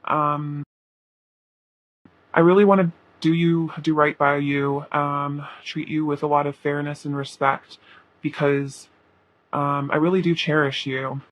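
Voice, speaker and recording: A man reading tarot, speaking a channeled message in the first person in a halting, earnest way with many pauses and fillers. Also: a little high, flat delivery, lo-fi sound. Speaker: tarot reader.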